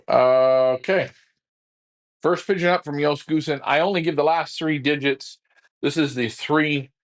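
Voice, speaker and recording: Chatty pigeon dealer, casual salesman patter. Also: on the high side. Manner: drops to hushed near-whisper when handling birds. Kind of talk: casual livestream chat while photographing birds.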